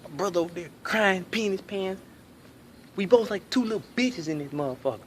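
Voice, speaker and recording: A male comedian telling a story with a high voice that swoops up and down all the time. His delivery is animated and full of profanity. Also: brisk, slight background noise.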